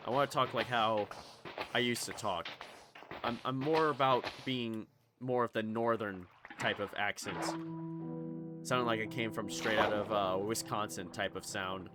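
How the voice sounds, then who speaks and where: A man's voice: lowish voice, steady tone, measured pace, loud music behind the voice. A young man with a slight Southern US accent from Kentucky, rambling and swearing through casual gameplay commentary. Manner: rambling, swearing, jumpy, chatty. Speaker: gaming YouTuber.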